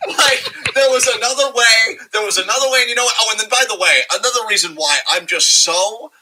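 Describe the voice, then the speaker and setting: A man co-hosting a casual Q&A show, ranting in a profane, animated way. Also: very high voice, brisk, slight background noise, low-quality recording. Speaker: podcast co-host. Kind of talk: casual chat.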